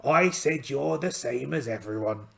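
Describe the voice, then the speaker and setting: A man's voice: medium pitch, lively intonation, unhurried, creaky, fairly bright tone. A man narrating a solo tabletop game in a chatty, self-amused way, adding playful asides as he rolls dice.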